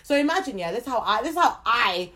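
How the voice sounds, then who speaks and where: Animated young woman telling stories. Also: a little high, fast. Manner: animated, swears freely, acts out other people's lines. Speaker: podcast co-host. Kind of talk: casual storytelling chat.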